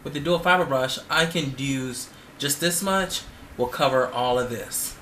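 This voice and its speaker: Drag performer man, makeup vlogger; playful chatter, a bright voice, mid pitch, faint hiss behind. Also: a little slow. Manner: chatty and playful, with sassy asides. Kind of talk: casual makeup tutorial.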